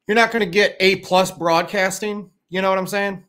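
A fairly high-voiced middle-aged man from Chicago, chatting on a livestream. He rambles loosely, sounds tired, and swears freely. He talks to his viewers in a loose, unscripted way. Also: fairly even intonation, moderate pace, a bit bright. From Chicago area. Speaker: livestream host. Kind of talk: casual livestream chat.

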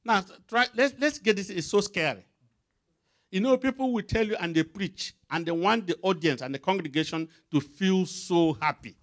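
A man's voice: high-pitched, moderate pace, a bit bright. A man preaching a sermon with emphatic, rising and falling delivery, calling out scripture references for a reader to read aloud.

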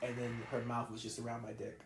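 A young man hosting a casual podcast, loud and laughing a lot, swearing freely. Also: medium pitch, completely flat delivery, a little fast, crowd noise. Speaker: podcast host. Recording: echoey room with noise.

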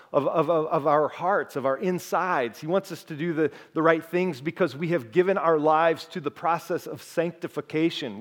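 A male pastor preaching a sermon in a relaxed, conversational way, joking and talking directly to his congregation. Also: fairly high pitch. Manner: conversational, jokes and talks to the congregation.

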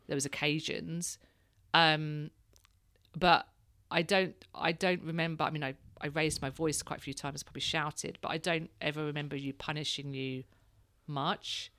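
A woman's voice: sits low, steady tone, moderate pace, fairly bright tone, dry recording. A woman in her thirties, hosting a casual chat and telling candid stories, laughing now and then. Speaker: podcast host, mother.

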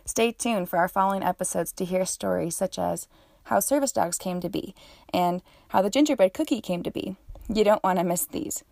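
A woman teacher hosting a class podcast, reading a scripted outro in a clear, steady read-aloud manner. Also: mid-range voice, normal speed, no echo. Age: adult.

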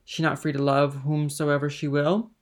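A man's voice: on the high side, little pitch movement, normal speed, natural voice. A man voicing a jealous, brooding young man, sullen and curt in manner.

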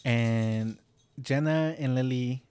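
A man's voice: medium pitch, slow, darkish tone, smooth, dry recording. A young man, a podcast co-host, telling a work story in casual chat, rambling with lots of "like" and swearing. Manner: rambling, heavy use of "like", swears.

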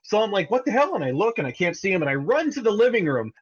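A man in his thirties co-hosting a podcast, telling a family story in a casual, animated way, sometimes jumping high to imitate his child. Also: fast, breathy edge, highs cut off. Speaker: podcast co-host.

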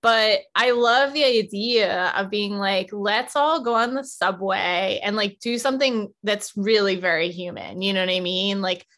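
A woman's voice: mid-range voice, unhurried, few pauses, a bit bright. A young woman who teaches yoga, chatting casually in an enthusiastic way with many fillers. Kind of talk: casual chat.

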